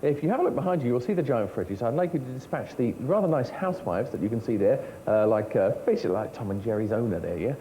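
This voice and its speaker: A man's voice: mid-range voice, animated, quick pace, few pauses, dark tone, a little hiss or hum, rough recording. A man hosting a children's TV game show from a studio set, jokey and full of puns. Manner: jokey, punning, bouncy.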